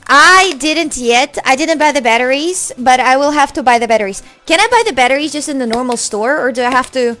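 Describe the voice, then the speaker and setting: A young woman from Russia with a high, bright voice talks to her stream chat in English. She is loud and casual, swearing freely as she reads messages aloud. Faint music plays behind her. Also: brisk, hardly any pauses. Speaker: livestreamer.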